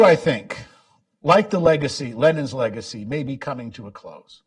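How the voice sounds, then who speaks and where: A man giving a public talk about his book, halting with many restarts and sudden bursts of emphasis. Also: medium pitch, animated, recorded from a distance. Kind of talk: public lecture. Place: lecture event.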